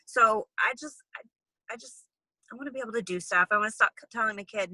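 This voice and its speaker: A woman's voice: fairly high pitch, fast talker, sharp tone, dry recording, low-quality recording. A woman in her thirties speaking candidly and earnestly in casual chat on a video call. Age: 30s. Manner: earnest, candid, talks to the audience as "y'all". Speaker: guest.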